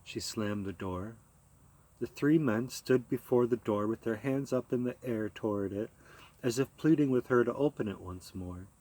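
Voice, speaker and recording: A man narrates a short story as an audiobook. His reading stays calm and measured, at a middle pitch. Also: rough recording.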